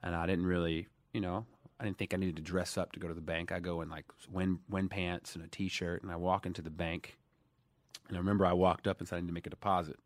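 A man in his thirties from Dallas, telling stories in a casual interview, animated, swinging between loud emphasis and quiet asides. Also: low voice, fast, no room sound. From Dallas, USA. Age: 30s. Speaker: guest.

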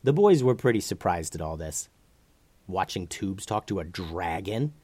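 A man narrating a children's fantasy story in an expressive, animated way. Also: sits low, normal speed, husky, dry recording.

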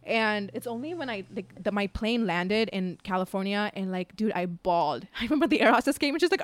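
A woman's voice: medium pitch, expressive, a little fast, hardly any pauses, no echo. A woman in her twenties chatting candidly on a podcast, full of likes and asides. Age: 20s. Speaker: podcast co-host. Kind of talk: casual chat.

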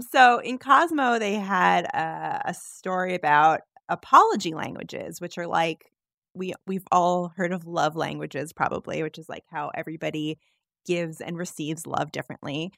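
A woman co-hosting a podcast in casual chat, relaxed and giggly as she reads out a list. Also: lowish voice, normal speed, vocal fry, no echo. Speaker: podcast co-host.

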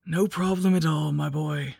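A woman voicing a courteous stranger man who speaks in a raspy voice, in a horror story reading. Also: sits low, steady tone, unhurried, warm tone, no echo, clean studio sound, exaggerated voice. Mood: polite. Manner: courteous, formal phrasing.

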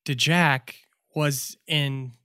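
A young adult man narrating a tabletop game as game master, measured and soft, with frequent "um"s. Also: a little high, steady tone, clean tone, no room sound, clean studio sound.

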